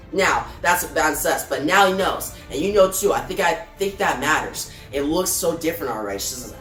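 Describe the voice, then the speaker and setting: A man's voice: a little high, fairly quick, hardly any pauses, a bit bright. A man casually recapping a comic book story, chatty and full of fillers like "pretty much" and "right?". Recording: roomy echo, distant from the mic, faint music behind.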